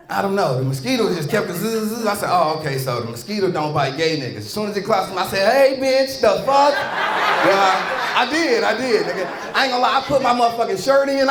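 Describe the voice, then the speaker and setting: A man performs a loose, profane stand-up set, ribbing the audience as he goes. His voice sits high for a man. It rings through a roomy club over a noisy crowd. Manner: profane, rambling, crowd-addressing. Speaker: stand-up comedian. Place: comedy club stage with audience. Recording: echoey club with crowd noise. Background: audience laughter.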